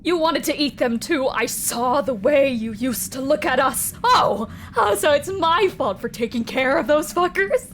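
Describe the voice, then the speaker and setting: A woman voicing a bitter, vengeful male creature in a tabletop game, shouting and crying through the accusations. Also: high-pitched, lively intonation, measured pace, hardly any pauses, slight background noise, pitched above the performer's own voice, full character voice. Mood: tearful rage.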